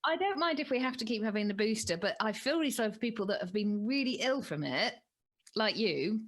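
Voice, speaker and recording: A woman co-hosting a running podcast in casual chat, lively and quick to put on silly voices. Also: on the high side. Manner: chatty, animated, puts on silly voices when quoting. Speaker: podcast co-host.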